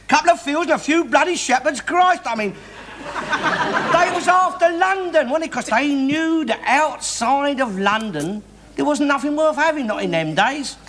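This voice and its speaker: An actor playing a bigoted, blustering middle-aged working-class London man who argues and swears without pause, in a studio sitcom. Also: very high-pitched, a bit bright, a little hiss or hum. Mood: lecturing. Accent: Cockney. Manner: blustering, argumentative, swears constantly. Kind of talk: 1960s-70s studio sitcom acting.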